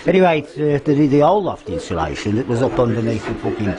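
A man's voice: medium pitch, sing-song, fast, low-quality recording. An older man giving a rambling, swear-filled walk-through of his half-stripped cottage loft, often losing his words. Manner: swears constantly, forgetful, gropes for words. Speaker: vlogger renovating his cottage. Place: inside a derelict cottage loft.

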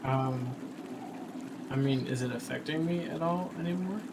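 A man's voice: mid-range voice, moderate pace, gravelly, noisy background. A man playing a tabletop game, talking hesitantly with frequent ums. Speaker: player. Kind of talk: casual tabletop game play.

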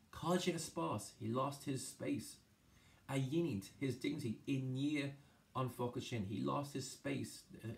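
A man's voice: mid-range voice, vocal fry, darkish tone. A man with an Irish accent teaching an exam-prep lesson, explaining a poem line by line, switching between Irish and English with frequent restarts.

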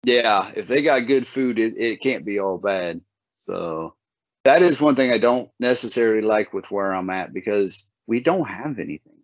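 A man's voice: on the low side, animated, no room sound. Folksy man telling stories, dull dry audio. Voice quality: laid-back, folksy storytelling with drawn-out words. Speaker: podcast host. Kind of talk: casual podcast chat.

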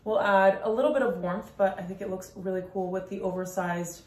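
A female fashion vlogger chats to the camera, walking through her casual outfit quickly and relaxedly, with plenty of "like" fillers. Her voice is a typical mid pitch. She's filming in a room at home on a work lunch break, and the space gives off a noticeable roomy echo.

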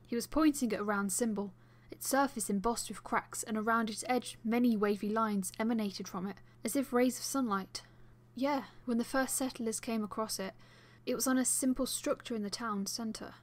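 A woman reading a first-person fan audiobook as its narrator, with expressive delivery. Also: a little high, normal speed.

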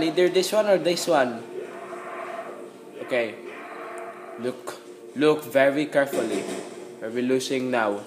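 A man giving casual gameplay commentary, talking to himself and breaking into excited exclamations. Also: mid-range voice, measured pace, pauses often, music in the background, rough recording. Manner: excitable, frequent exclamations and yelps; talks to himself while playing.

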